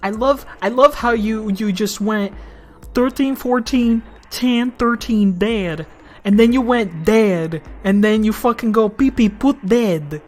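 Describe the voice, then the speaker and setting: A woman streaming a game live, chatting casually and profanely, teasing a friend, repeating herself for emphasis and breaking into loud laughter. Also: on the high side, slow.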